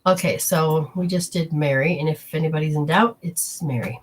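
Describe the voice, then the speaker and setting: A woman's voice: deep voice, moderate pace, breathy edge. A woman hosting a spiritual healing talk, explaining steps in a rambling, instructive way and speaking straight to her listeners. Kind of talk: casual teaching talk.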